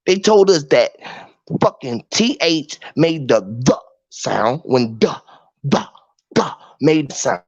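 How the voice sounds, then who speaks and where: A man's voice: on the high side, animated, slow, darkish tone, breathy edge, no room sound. A man hosting a show, delivering a rambling monologue full of profane wordplay, spelling words out letter by letter. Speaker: podcast host. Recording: dull lo-fi, dry.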